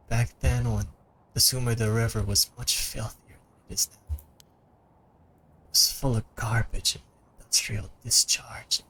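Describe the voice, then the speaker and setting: A man reading a game line for a grown woman who slowly recalls her schoolgirl days in a hushed, low voice. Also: slightly rough, full character voice. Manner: slow, hushed and low storytelling.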